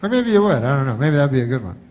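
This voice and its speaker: A man doing a stand-up comedy monologue, deadpan and rambling through long setups. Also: medium pitch, rapid-fire.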